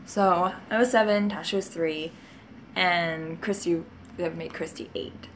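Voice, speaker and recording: A woman's voice: on the low side, fairly even intonation, a little slow, a little hiss or hum. Giggly, rambling woman vlogger. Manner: rambling, giggly, full of asides and laughs. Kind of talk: casual storytelling to camera.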